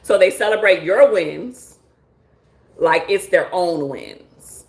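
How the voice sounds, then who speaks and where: A woman therapist hosting a live stream with features, reading chat comments in a playful, lively way, laughing often and acting out the people she quotes. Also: fairly low pitch, slow pace, roomy sound.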